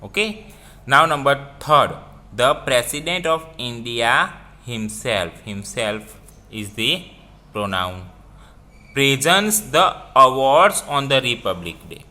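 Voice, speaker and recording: A man teaching a grammar lesson, explaining slowly and repeating each example with phrasing. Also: mid-range voice, lively intonation, pushed and bright. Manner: slow, repetitive explaining with non-native phrasing.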